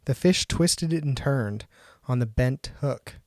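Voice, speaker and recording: A man's voice: medium pitch, slow pace, darkish tone, no room sound. A man hosting a microphone review vlog, talking offhand and chatty into a close podcast mic and reading test phrases aloud. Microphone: podcast microphone close to the mouth.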